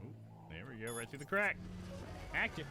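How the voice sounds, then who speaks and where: Excitable, swearing male streamer. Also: mid-range voice, normal speed, music in the background. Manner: excitable, swears a lot, laughs often. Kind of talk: casual live-stream gaming chat.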